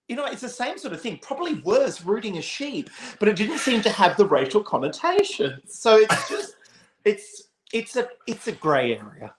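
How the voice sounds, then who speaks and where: A man's voice: high voice, very animated, normal speed. A man co-hosting a casual chat show, emphatic and swearing freely. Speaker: co-host. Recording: roomy echo.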